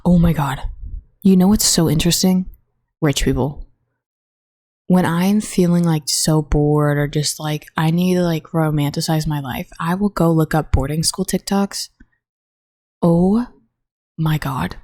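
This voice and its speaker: A young college woman rambles through a solo podcast, full of fillers and the odd swear. Her voice sits low, with a mellow, warm tone, and sounds close and dry on her own mic in a dorm room. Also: steady tone, measured pace, no echo. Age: young adult. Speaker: podcast host. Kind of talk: casual solo chat.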